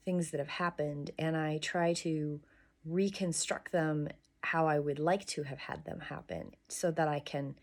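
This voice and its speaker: A woman with a slightly low voice hosts a morning devotional. She speaks softly and thoughtfully, pausing and restarting as she muses aloud. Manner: soft, musing, pauses and restarts. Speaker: devotional host. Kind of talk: reflective morning devotional talk.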